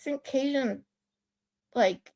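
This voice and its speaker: Livestream co-host: a woman with a Michigan accent, a fairly high nasal voice, a loose chatty delivery that often restarts. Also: extremely slow, darkish tone. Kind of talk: casual chat.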